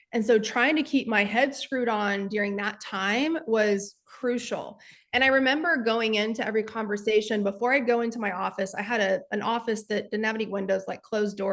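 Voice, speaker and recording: A woman, earnestly telling motivational stories as a guest and sales coach. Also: medium pitch. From Texas. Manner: earnest, emphatic, addresses listeners as y'all. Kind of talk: motivational storytelling.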